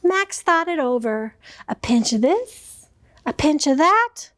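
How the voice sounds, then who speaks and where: A woman librarian reading a children's picture book aloud with slow, expressive storytelling. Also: high-pitched.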